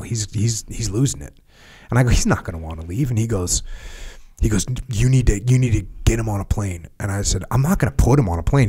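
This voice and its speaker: A man hosting a podcast, trading stories with a laugh and reading historical passages aloud at a steady pace. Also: on the low side, slightly rough. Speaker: podcast host. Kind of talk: casual conversation and reading aloud from a book.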